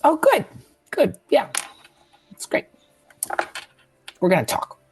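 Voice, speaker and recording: A man's voice: very high voice, huge pitch swings, slow, slight background noise. A man playing a tabletop role-playing game who makes dry, sarcastic remarks to the other players. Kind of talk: tabletop role-play banter.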